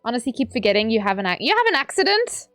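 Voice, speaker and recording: A woman's voice: fairly high pitch, very animated, quick pace, a bit bright, no echo, soft background music. A woman with a South African accent, chatting casually and rambling with frequent laughs while she streams a game from home. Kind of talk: casual chat while playing.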